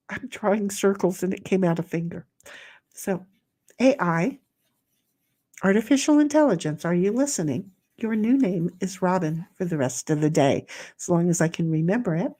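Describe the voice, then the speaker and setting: A woman's voice: on the low side, dark tone. A woman hosting a livestream, reading chat aloud in a rambling, chatty way with many fillers.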